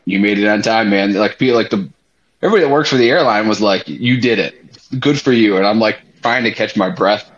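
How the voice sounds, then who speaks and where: A young man on a podcast, telling a story in a loose, animated way, swearing freely and using lots of fillers. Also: fairly low pitch, fast talker. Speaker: podcast co-host. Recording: slightly muffled podcast audio.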